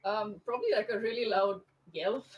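A woman's voice: mid-range voice, moderate pace, dull audio, over a noisy crowd. A woman player chatting casually at a game table, giggling between words. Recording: loud background noise.

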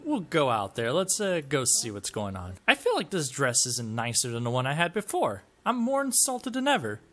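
A man's voice: a little high, bright, forceful tone. A man giving sarcastic, joking let's-play commentary, often laughing and swearing at the game. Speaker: gameplay commentator.

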